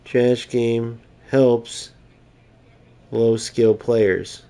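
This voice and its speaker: Young guy ranting over his gameplay, fed up and mocking, mid-pitched voice. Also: flat delivery, drawn-out words, gravelly, dark tone. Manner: exasperated, mocking rant. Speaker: gaming YouTuber.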